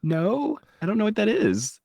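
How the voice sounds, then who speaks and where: A man's voice: high voice, wildly swooping pitch, normal speed, vocal fry, dark tone, dry recording, studio quality. A man co-hosting a podcast in casual chat, wry and teasing, with frequent laughs. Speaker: podcast co-host.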